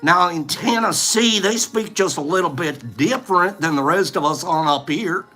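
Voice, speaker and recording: A man's voice: high voice, moderate pace, bright, forceful tone, soft background music. A man hosting a casual livestream chat, playful and rambling, often breaking into laughter. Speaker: host.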